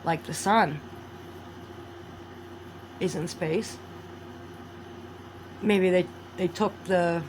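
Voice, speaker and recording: A woman vlogging a rambling monologue, animated, swinging between loud outbursts and low mutters. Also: slow pace, long pauses, a little hiss or hum, rough recording.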